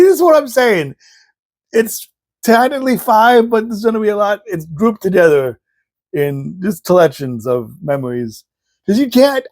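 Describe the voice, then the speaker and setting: Slow, gravelly man telling family stories. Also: high voice, no echo. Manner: laughs often while telling stories, halting restarts. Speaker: podcast host. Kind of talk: casual storytelling.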